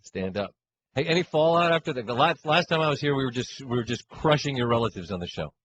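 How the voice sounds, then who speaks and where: Man, sports radio co-host, husky voice, teasing banter, middle-aged. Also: medium pitch, animated, quick pace, a bit bright, low-quality recording. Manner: joking, teasing.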